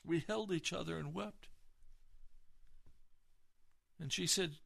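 A man's voice: fairly high pitch, moderate pace, creaky, hardly any pauses, a bit bright. A male pastor giving an earnest, emotional testimony on a broadcast sermon.

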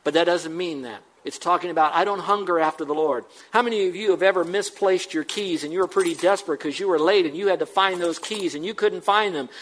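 A middle-aged male pastor preaches in an easy, conversational tone, leaning into emphatic peaks. His voice sits slightly higher than most men's, and he slows right down when he quotes scripture. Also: fairly bright tone, poor audio. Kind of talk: sermon.

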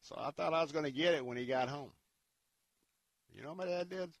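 A man hosting a Christian radio talk show, speaking in an earnest, preacherly way and dropping to a hushed tone when he tells a story. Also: fairly high pitch, fairly quick, creaky, no echo. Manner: earnest, preacherly, drops to a hush for stories.

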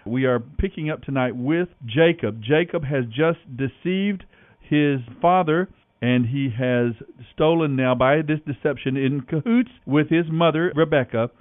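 A man hosting a Bible reading, measured and earnest, reading scripture with commentary. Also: fairly high pitch, no room sound. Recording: tinny phone-like line, faint music.

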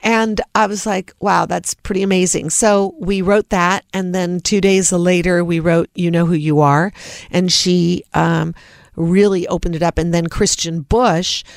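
A middle-aged woman from Los Angeles, a singer-songwriter being interviewed, telling stories in a lively, animated way. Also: on the low side, dry recording, studio quality. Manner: animated storyteller, lively asides. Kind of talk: casual interview chat.

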